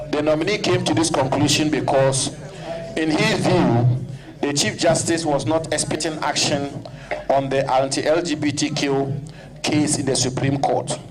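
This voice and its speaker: Deliberate man questioning a nominee. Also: fairly high pitch, poor audio. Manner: deliberate, repeats points for emphasis. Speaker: committee member questioning. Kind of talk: formal parliamentary questioning.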